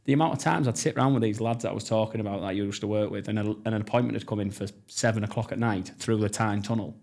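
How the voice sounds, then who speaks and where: This man's voice sits fairly low, a little mellow and creaky, and he talks at a quick pace. In his thirties and from North East England, with that region's accent, he's a podcast guest in a casual storytelling interview, blunt, enthusiastic and swearing freely.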